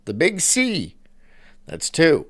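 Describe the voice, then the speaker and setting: A man's voice: on the high side, huge pitch swings, slow. A man hosting a stream, reacting casually with rambling, swearing asides. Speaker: streamer host.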